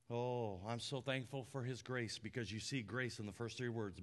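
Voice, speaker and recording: A male pastor preaching a conversational sermon, often dropping soft and low for emphasis. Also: steady tone, normal speed, hardly any pauses.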